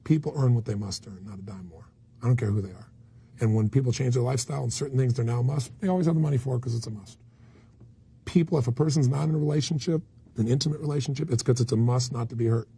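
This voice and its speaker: A man with a deep, gravelly, raspy voice talks at a racing clip with a mellow tone as a motivational speaker in a candid interview. He tells his stories bluntly and emphatically, swearing now and then.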